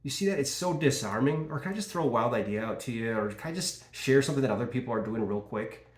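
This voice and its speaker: A man's voice: mid-range voice, fast. A man coaching insurance sales, talking casually and acting out lines from calls. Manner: casual, animated, acts out call dialogue. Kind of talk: sales training talk. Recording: echoey room.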